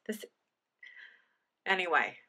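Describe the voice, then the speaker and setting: A woman's voice: slow, sharp tone. A woman talking casually to her camera in a vlog, chatty and upbeat, often laughing. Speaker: vlogger. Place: home and house under renovation.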